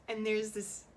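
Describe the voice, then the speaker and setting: With slight background noise behind her, a woman with a mid-range voice reviews pop culture, here a TV episode. Her take is unscripted, wandering and emotional, punctuated by frequent laughter and the odd swear word.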